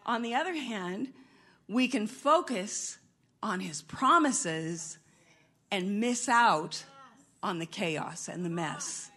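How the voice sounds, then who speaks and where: A middle-aged woman preaching a sermon, telling stories with lively bursts of laughter. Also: mid-range voice, takes it slowly. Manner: animated storytelling with bursts of laughter.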